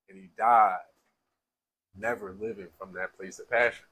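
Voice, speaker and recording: Man, husky tearful voice, bright tone, slangy emotional storytelling, lots of restarts. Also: on the low side, animated, moderate pace, rough recording. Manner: casual slangy talk, frequent restarts. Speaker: speaker sharing his life story.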